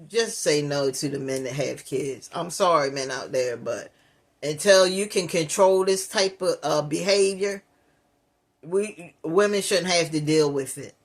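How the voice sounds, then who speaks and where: A man hosting a reaction video, talking casually to his viewers and mocking the clip he is reacting to. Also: high voice. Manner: mocking, laughs at the clip, addresses viewers as y'all. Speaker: reaction channel host. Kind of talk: reaction commentary.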